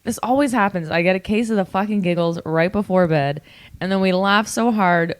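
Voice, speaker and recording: A woman co-hosting a podcast in casual chat, rambling with many fillers and giggles, her voice lower from the morning. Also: fairly quick, clean tone, no echo. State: morning voice, lower than usual. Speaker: podcast co-host.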